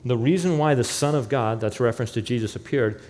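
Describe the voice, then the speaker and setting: Pastor preaching with animated storytelling. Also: male voice, mid-range voice, quick pace, slight background noise. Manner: animated storytelling, voicing quoted figures. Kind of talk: sermon. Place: church sanctuary. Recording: long hall reverb, faint ambience.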